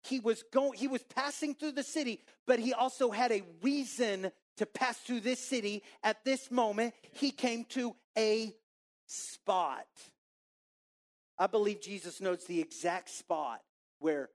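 A man in his forties from Texas, preaching a sermon through a lively personal story and acting out his own inner voice. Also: sits high, unhurried. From Texas, USA. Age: 40s.

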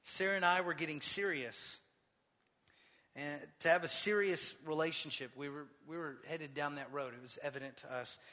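Fervent preacher, bright voice in hall. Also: male voice, on the high side, steady tone, moderate pace. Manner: personal storytelling that builds to fervent preaching. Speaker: pastor. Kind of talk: sermon.

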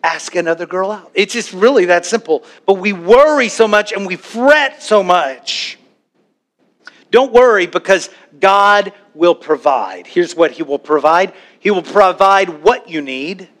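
A man preaching a sermon to a church congregation, animated, now and then acting out worried voices. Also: high-pitched, unhurried. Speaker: pastor.

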